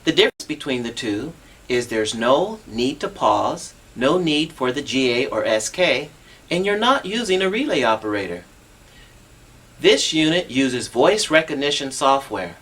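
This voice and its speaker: A man's voice: mid-range voice, big pitch swings, unhurried, fairly bright tone, husky. A man demonstrating assistive telephone equipment on a TV show, patient and instructive, walking through each step.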